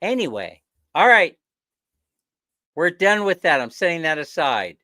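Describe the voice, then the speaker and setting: A man hosting a casual livestream chat, ranting with animated energy and laughing often. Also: a little high, measured pace, no echo, studio quality. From not from the Philippines. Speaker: livestream host.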